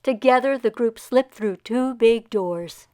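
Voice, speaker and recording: A woman reading a children's picture book aloud, giving the characters voices and pausing to ask young listeners what will happen next. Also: fairly high pitch, a little mellow, clean tone, no echo, clean studio sound.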